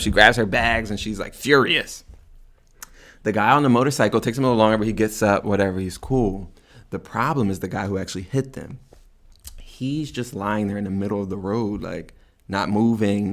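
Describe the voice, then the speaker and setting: Chatty man telling a travel story. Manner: animated, many fillers, jumps high when quoting himself. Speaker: community member telling a story. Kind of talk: casual storytelling.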